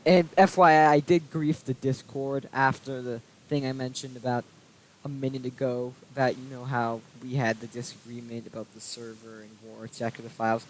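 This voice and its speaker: A man's voice: medium pitch, flat delivery, normal speed, slight background noise, low-quality recording. A young man vlogging a casual storytime rant, aggrieved and swearing freely as he recounts a falling-out. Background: soft background music.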